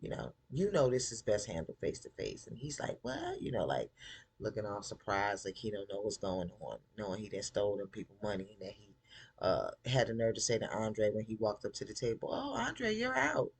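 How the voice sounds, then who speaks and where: A man casually recapping a TV episode, chatty and animated, acting out the characters' lines in a style. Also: lowish voice, a little fast, slightly rough. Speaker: TV show recap host.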